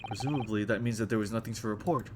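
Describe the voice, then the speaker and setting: A man's voice: on the low side, rapid-fire, heavy background noise. A man streaming a game, reading its dialogue aloud with casual, wry asides.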